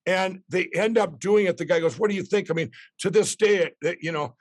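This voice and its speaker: Man in his sixties, high voice, excited rambling storyteller. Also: fairly quick, few pauses, no echo. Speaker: guest. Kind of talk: storytelling in a podcast interview.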